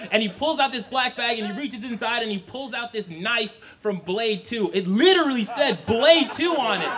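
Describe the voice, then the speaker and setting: A young man from Brooklyn, telling a comic story live on stage in an animated way, acting out family voices and laughing often. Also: high-pitched, brisk, few pauses. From Brooklyn, New York.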